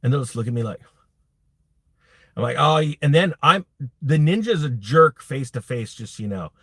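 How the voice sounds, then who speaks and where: A man's voice: mid-range voice, expressive, moderate pace, a bit bright, slightly rough, no room sound. Blunt guy ranting on his crypto stream, keeps restarting, dry close sound. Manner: blunt, rambling, self-interrupting. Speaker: crypto YouTube host. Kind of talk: live-streamed casual rant.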